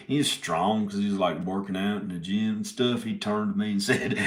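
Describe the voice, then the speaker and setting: A man's voice: fairly low pitch, steady tone, a little fast, hardly any pauses. A man telling a rambling comic story, stopping and restarting his words and giggling often. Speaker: video maker telling a story. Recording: echoey room.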